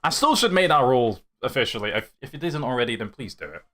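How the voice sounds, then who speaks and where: A man's voice: mid-range voice, sing-song, fast talker, sharp tone. Chatty young man with a light Yorkshire accent. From Yorkshire, England. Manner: chatty and rambling, reads chat aloud, laughs often. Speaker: livestream host. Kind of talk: casual live-stream chat.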